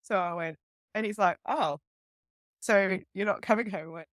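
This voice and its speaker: Lively woman telling a story. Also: mid-range voice, moderate pace, no room sound, studio quality. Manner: animated retelling, acting out quoted voices with laughs. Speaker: guest, police detective. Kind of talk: casual storytelling.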